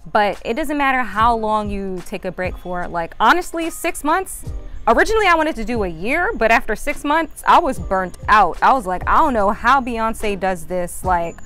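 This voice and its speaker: A woman's voice: a little high, very animated, moderate pace, a bit bright, faint music behind. A young American woman hosting a travel vlog outdoors, chatting to camera in a bubbly, slangy way and laughing often. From United States. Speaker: travel vlogger host. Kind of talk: casual vlog chat to camera. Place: outdoors on a sunny day.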